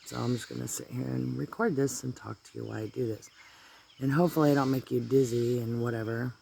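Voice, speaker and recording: A man's voice: medium pitch, fairly even intonation, fast talker, creaky, warm tone, a little hiss or hum. A man with an allergy-stuffed voice chatting casually and rambling while filming outdoors in his garden on a phone. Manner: rambling, easygoing, drifts into asides. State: congested from allergies. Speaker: vlogger. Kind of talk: casual chat.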